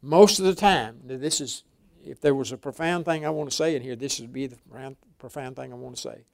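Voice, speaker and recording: A man's voice: medium pitch, fairly quick, creaky, darkish tone, no room sound. An older man preaching a folksy sermon, telling rambling stories with frequent restarts.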